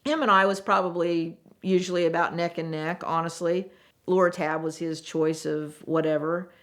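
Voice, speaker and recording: A woman, once a car saleswoman, telling a story in a casual, animated way and acting out what people said. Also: lowish voice, normal speed.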